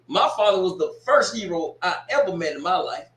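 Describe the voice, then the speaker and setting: A man's voice: high voice, lively intonation, a little fast, fairly bright tone. A man hosting a sports watch party livestream, reading comments aloud and scolding a troll with laughs and swearing. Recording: echoey room.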